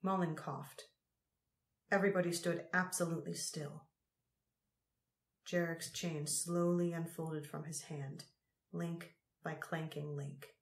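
A woman narrating an audiobook chapter in a measured, unhurried reading. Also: deep voice, fairly even intonation. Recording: roomy echo.

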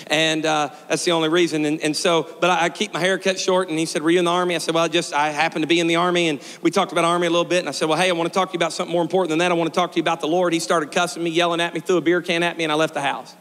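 A middle-aged male pastor preaching a storytelling sermon, swinging from shouted peaks to quiet, joking asides. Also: on the high side, flat delivery, racing, hardly any pauses. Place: church sanctuary. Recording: long church reverb.

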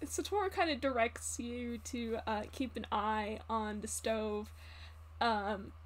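A woman narrating as game master in a tabletop game, halting with many fillers. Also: a little high.

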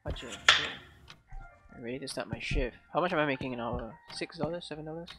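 A woman's voice: low-pitched, quick pace. A woman hosting a let's-play, giving joking, sarcastic running commentary. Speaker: gaming channel host. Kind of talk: casual let's-play chat. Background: game music.

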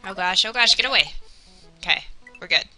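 A young woman giving casual, excitable commentary while playing a video game, talking to herself and the game. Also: medium pitch, a little fast, rough recording. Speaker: let's player. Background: game music.

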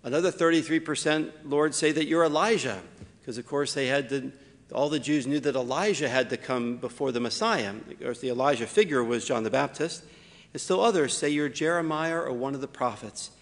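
A man, a priest, preaching a homily with wry asides, slowing down to stress key points. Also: medium pitch, in a large hall. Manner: slows down for emphasis, wry asides.

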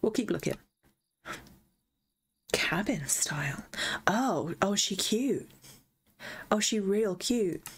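A woman's voice: mid-range voice, expressive, slow, breathy edge. Gushing chatty woman gamer. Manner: gushing, chatty, talks to herself and the animals. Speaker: gaming streamer. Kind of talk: casual gameplay chat.

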